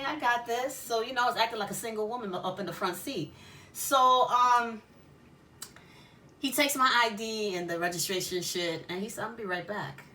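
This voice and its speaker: A woman telling a casual story about being pulled over, animated and profane, often laughing and acting out the exchange. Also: on the high side, far from the mic. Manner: lively, animated, swearing, with laughs. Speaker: spiritual shop owner and storyteller.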